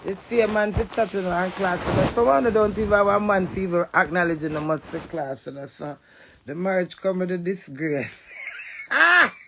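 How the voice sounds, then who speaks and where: A woman's voice: lowish voice, fairly even intonation, a little fast, noisy background. A Jamaican woman in a defiant, emotional live rant, cursing and repeating phrases in a chant.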